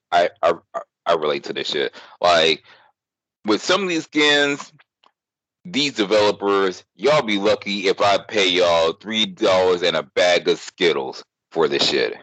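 A man's voice: deep voice, fairly bright tone, no room sound, low-quality recording. A man hosting a casual gaming chat, speaking in a laid-back, blunt, profane way. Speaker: podcast host.

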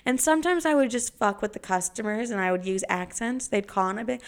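A young adult woman hosting a podcast, telling stories in a casual, animated way, swearing freely and saying "like" a lot. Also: medium pitch, quick pace, few pauses. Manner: animated, jumps into acted-out voices. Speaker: podcast host. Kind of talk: casual storytelling.

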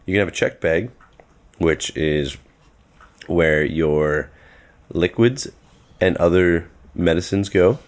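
A man's voice: deep voice, takes it slowly, long pauses. A man co-hosting a podcast, chatting casually and joking, with a laid-back, rambling delivery full of fillers. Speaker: podcast co-host. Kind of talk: casual chat.

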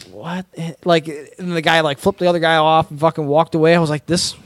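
A man's voice: on the high side, level tone, fairly quick, no room sound. A man co-hosting a podcast, telling a long story in a rambling, profane way. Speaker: podcast co-host. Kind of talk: casual podcast chat.

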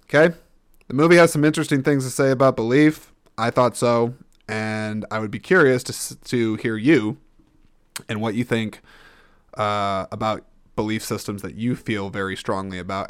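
A man's voice: fairly low pitch, normal speed, clean tone, no room sound. Rambling male podcast host, dry sound. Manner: rambling, self-interrupting, thinks aloud. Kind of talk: casual solo podcast talk.

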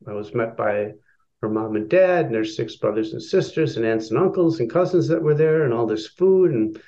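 A man's voice: mid-range voice, lively intonation, normal speed, dark tone, muffled recording. A man telling a long personal story as a guest, with lots of fillers and restarts. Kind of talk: storytelling in an interview.

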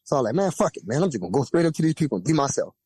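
A young man with a Louisiana accent tells a long story on a podcast, swearing freely and jumping into the voices of everyone in it. His voice sits fairly high for a man and swings widely in pitch. The recording is dry, with almost no room sound. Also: racing, husky, no room sound. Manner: lively, profane, acts out quoted voices with big pitch jumps. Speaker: podcast guest. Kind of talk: animated storytelling.

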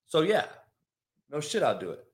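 A man's voice: fairly high pitch, wildly swooping pitch, moderate pace. A man hosting a solo sports talk show, ranting in a brash, profane, combative way and talking to his live chat viewers. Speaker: show host.

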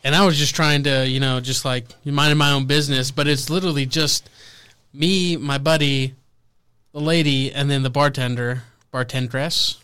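A man's voice: mid-range voice, steady tone, moderate pace, sharp tone, clean tone. A man chatting casually as a podcast guest, laid-back and full of "like" and "you know". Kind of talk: casual chat.

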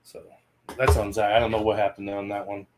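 A man's voice: lowish voice, flat delivery, fairly quick, a little mellow. A man co-hosting a paranormal podcast, chatting casually and filling in and correcting details of the night. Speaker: paranormal investigation podcast co-host. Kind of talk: casual recap chat.

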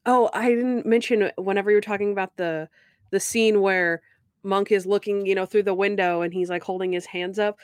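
A woman in casual chat, recapping a TV episode with lively retellings of scenes. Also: mid-range voice, brisk, smooth, no echo, clean studio sound. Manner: animated retelling with quoted voices.

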